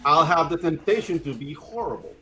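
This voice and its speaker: A man chatting on a casual podcast, excitable and quick to agree with the others. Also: a little high, over a noisy crowd, low-quality recording. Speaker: podcast co-host. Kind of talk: casual chat. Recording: music playing clearly behind the voice.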